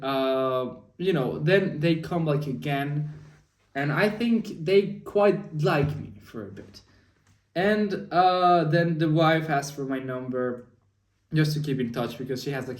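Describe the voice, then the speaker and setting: A young man rambles through a weekly diary story full of fillers and restarts. His voice sits a little high. He sounds set back from the mic in an echoey room. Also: a little mellow, recorded from a distance. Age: young adult. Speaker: vlogger. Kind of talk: casual spoken diary.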